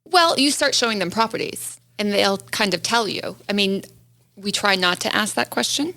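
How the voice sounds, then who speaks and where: A woman working as a real estate agent, a podcast guest chatting casually with quick, amused replies. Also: medium pitch, creaky, bright, forceful tone. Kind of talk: casual chat.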